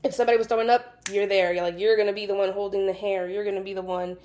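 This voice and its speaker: A woman's voice: mid-range voice, steady tone, very fast, darkish tone. A young woman, a podcast guest, chatting casually with lots of fillers and frequent laughs. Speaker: podcast guest, host's best friend. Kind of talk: casual chat.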